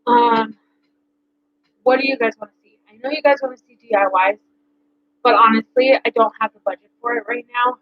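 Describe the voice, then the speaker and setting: Chatty mom vlogger. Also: female voice, fairly high pitch, steady tone, moderate pace, no echo. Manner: chatty, rambling with many fillers. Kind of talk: casual chat to camera. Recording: dry, dull lo-fi sound.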